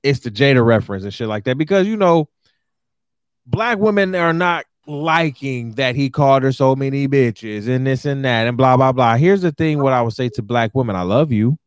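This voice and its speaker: A man co-hosting a podcast in casual chat, ranting with animated, profane emphasis. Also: mid-range voice, moderate pace, clean tone, no room sound, clean studio sound. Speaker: podcast co-host.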